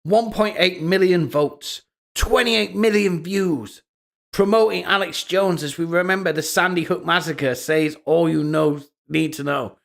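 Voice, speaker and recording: Man, gravelly voice, fairly high pitch, stream commentary, mocking, profane, laughs a lot. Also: unhurried, a bit bright. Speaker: live-stream host. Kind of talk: live-stream commentary on social media posts.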